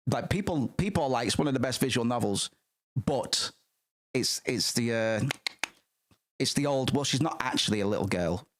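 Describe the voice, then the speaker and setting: A man streaming, chatting casually and rambling, swearing freely with many restarts. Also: medium pitch.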